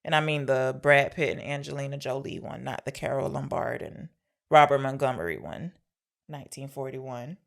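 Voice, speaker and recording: A woman's voice: rumbling low, moderate pace, creaky. A woman co-hosting a podcast, chatting casually about an old film, explaining the segments and arguing playfully. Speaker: podcast co-host. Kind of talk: casual film-review chat.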